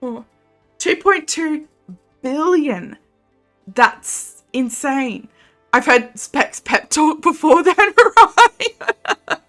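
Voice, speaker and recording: A young adult woman, chatting casually with her viewers during a game stream and launching into animated rants. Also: sits high, takes it slowly, pauses often, soft background music.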